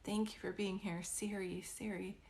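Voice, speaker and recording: A woman's voice: mid-range voice, level tone, normal speed, gravelly, darkish tone. A woman doing a psychic reading on a live stream, chatty and reassuring, with many fillers and restarts. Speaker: psychic medium.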